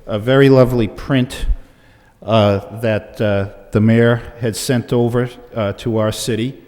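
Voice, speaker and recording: A man, the mayor, chairing a city council meeting and introducing guests in a measured way, with frequent fillers. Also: fairly low pitch, fairly even intonation, a little mellow. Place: council chamber. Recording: reverberant chamber on meeting mics.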